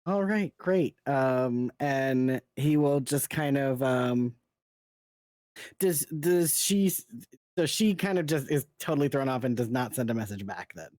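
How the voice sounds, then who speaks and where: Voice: mid-range voice, expressive, a little slow, darkish tone, no echo. A tabletop role-playing game player describing their character's actions, hesitant and full of fillers.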